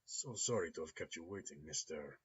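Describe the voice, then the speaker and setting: A man voicing a cultured, polite Russian rigger, speaking softly, courteously and in a measured way. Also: a bass voice, animated, a little hiss or hum. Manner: soft-spoken, measured and courteous. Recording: slightly dull lo-fi recording.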